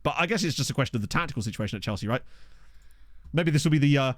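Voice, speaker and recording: Lively chatty man streamer. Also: mid-range voice, racing, dry recording. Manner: chatty, excitable, talks to chat. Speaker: game streamer. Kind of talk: casual let's-play commentary. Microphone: desktop USB microphone.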